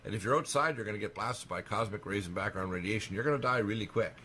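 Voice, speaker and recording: A man with a fairly low voice speaks on a radio talk show. He makes his points emphatically and in rapid succession. A faint hiss runs under his voice. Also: pushed and bright. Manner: emphatic, rapid-fire alarming claims.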